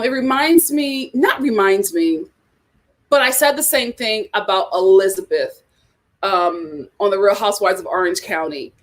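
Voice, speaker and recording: A woman hosting a casual, animated chat about reality TV, laughing often. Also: mid-range voice. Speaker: host.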